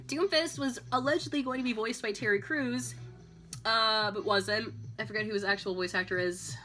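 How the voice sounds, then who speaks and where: A slightly tipsy woman chatting casually, rambling with lots of "like" and "um" and breaking into loud excited squeals. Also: on the high side, moderate pace, soft background music. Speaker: vlogger. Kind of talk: casual tipsy chat about a video game.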